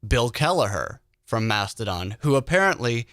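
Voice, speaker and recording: A man hosting a podcast, telling an animated story in a casual chat. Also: mid-range voice, moderate pace, dry recording, studio quality. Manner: animated storyteller who acts out quoted voices. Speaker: podcast host.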